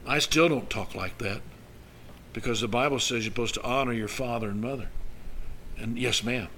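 A man's voice: mid-range voice, fairly quick, sharp tone, slight background noise, rough recording. Older man preaching a folksy sermon. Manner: folksy storytelling with emphatic rises. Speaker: pastor.

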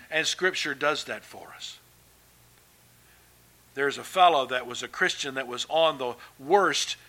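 Male pastor, sermon, somewhat high voice, bright and forceful tone, emphatic swings of loudness, chatty asides. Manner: emphatic preaching, swinging between loud and soft; conversational asides with fillers and restarts.

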